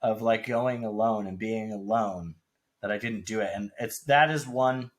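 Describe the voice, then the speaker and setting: A man co-hosting a casual podcast chat, speaking in a relaxed, reflective way with frequent fillers. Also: on the low side, normal speed. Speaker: podcast co-host.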